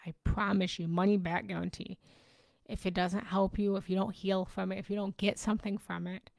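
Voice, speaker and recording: A woman's voice: on the low side, vocal fry, darkish tone, no room sound. A young woman coach speaking live to her followers, passionate and emotional, swearing freely and sometimes dropping to a whisper. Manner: drops into whispers for emphasis. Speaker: relationship and self-love coach. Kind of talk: live-streamed personal talk to followers.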